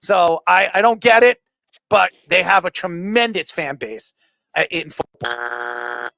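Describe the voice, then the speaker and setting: Argumentative male co-host, gravelly and high-voiced, dismissive in debate. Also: measured pace, bright, forceful tone, no echo. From New York. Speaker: podcast co-host. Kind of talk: casual sports debate.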